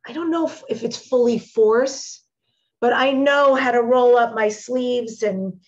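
A woman hosting a podcast who asks searching questions in a casual, halting way. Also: on the high side. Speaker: podcast host. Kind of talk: casual interview chat. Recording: dull, lo-fi remote audio.

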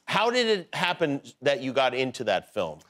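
A man's voice: mid-range voice, wildly swooping pitch, normal speed, a bit bright. A man in his fifties hosting a late-night talk show, teasing his guest with jokes. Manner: joking, teasing. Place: television studio with live audience. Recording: studio audience faintly heard.

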